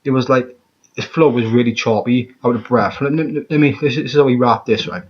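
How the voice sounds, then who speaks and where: Man, husky voice, profane exasperated reaction rant, muffled lo-fi sound. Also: medium pitch, fairly quick. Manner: blunt, profane, exasperated, stumbles and repeats himself. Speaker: music reaction vlogger. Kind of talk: ranting reaction commentary.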